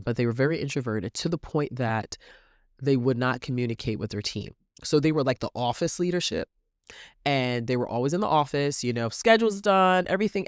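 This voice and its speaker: A woman's voice: very deep voice, dry recording, studio quality. A woman hosting a motivational podcast, talking animatedly to her listeners and acting out little quoted exchanges. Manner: animated, acts out quoted voices, addresses listeners as queens. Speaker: podcast host and coach. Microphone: podcast mic.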